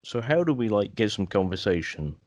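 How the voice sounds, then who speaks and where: A man's voice: on the low side, big pitch swings, a little fast, darkish tone, no room sound. A young man hosting a casual podcast, chatting loosely with a friend, laughing and swearing often. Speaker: podcast host. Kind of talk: casual chat.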